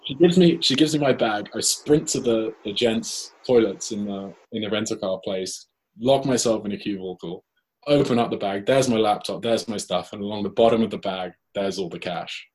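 A man with a British accent, a guest telling a lively anecdote in casual chat and acting out the quoted lines. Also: on the low side, moderate pace, breathy edge. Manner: lively anecdote, acts out his own and others' quoted lines. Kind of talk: casual storytelling.

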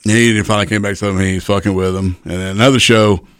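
Speaking quickly in a fairly low, fairly bright voice with mostly even intonation, this former wrestler rambles through profane backstage stories. He's a middle-aged guest chatting casually, captured in a clean studio with no echo.

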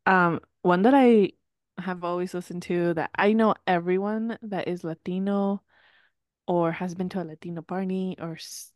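Enthusiastic young woman, low-ish and dry. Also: steady tone, moderate pace, a little mellow, no room sound. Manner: enthusiastic, laughs often. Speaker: podcast co-host. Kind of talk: casual chat.

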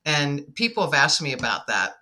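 A woman guest chatting on a podcast, her voice strikingly bright and edged. She is a lively storyteller who acts out every exchange she recounts. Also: sits low, moderate pace. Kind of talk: casual conversation.

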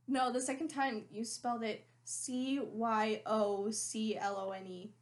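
A woman's voice: fairly high pitch, fairly even intonation, a little slow. A woman with a Maryland accent hosting a casual podcast chat, teasing and giggly as she quizzes her friend. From Maryland, USA. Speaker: podcast co-host running the spelling bee.

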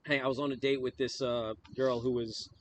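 A man's voice: mid-range voice, flat delivery, brisk, noisy background. A man hosting a podcast in casual chat, rambling with lots of filler words and laughing often. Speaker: podcast host.

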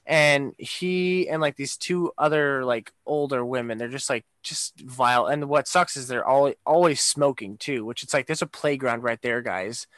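A man's voice: medium pitch, normal speed, few pauses, a bit bright, no echo. A man co-hosting a casual chat, ranting with lots of swearing and fillers.

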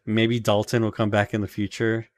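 A man with a lowish voice chats loosely as a podcast co-host, rambling through a recap with frequent filler words and quick laughs. His voice sits close and dry, with no room sound around it. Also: monotone, no room sound. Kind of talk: casual recap chat.

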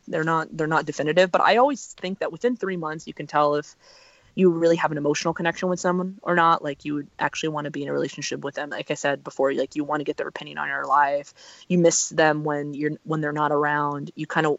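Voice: medium pitch, gravelly, a bit bright, no echo. Earnest relationship consultant, dull dry audio. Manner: earnest, emphatic, many fillers and restarts. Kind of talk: podcast guest advice.

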